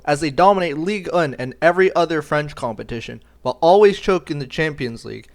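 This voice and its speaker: A young man hosting a football video, talking in a chatty, opinionated way with joking asides. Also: fairly high pitch. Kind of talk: casual scripted commentary. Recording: music playing under the voice.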